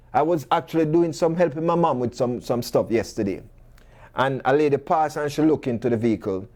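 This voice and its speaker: Jamaican male talk host, warm low-key tone, animated patois storyteller and preacher. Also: fast. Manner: preachy, full of rhetorical questions. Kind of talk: talk show monologue.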